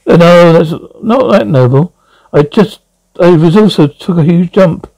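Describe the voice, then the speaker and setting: Gravelly dark-voiced man retelling a story. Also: high-pitched, no room sound, poor audio. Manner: rambling, halting, many restarts. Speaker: narrator retelling a cartoon episode. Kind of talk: loose spoken retelling with quoted dialogue.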